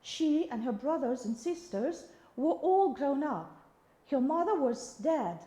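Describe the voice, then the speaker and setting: A woman's voice: high voice, big pitch swings, slow pace, dark tone, echoey room. A woman with a Russian accent giving a recorded video lecture, reading examples aloud with the odd restart.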